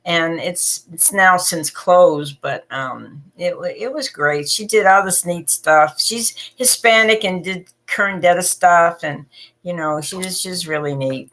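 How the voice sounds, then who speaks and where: A woman's voice: fairly low pitch, measured pace, a bit bright. A middle-aged woman hosting a live stream in casual, chatty conversation. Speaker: psychic host of a live stream. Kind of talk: casual chat.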